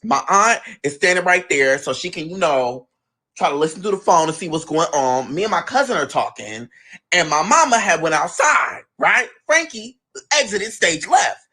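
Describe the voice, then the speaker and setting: A young man casually telling a long family story, animated and quick to act out what each relative said. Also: high-pitched, slightly rough. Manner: animated, acts out family members' lines in his own voice. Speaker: guest telling his story.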